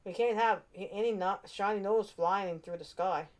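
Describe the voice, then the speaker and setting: A woman's voice: mid-range voice, a little slow, close to an everyday voice. Brief: stern Santa, read by a woman, firm, disapproving.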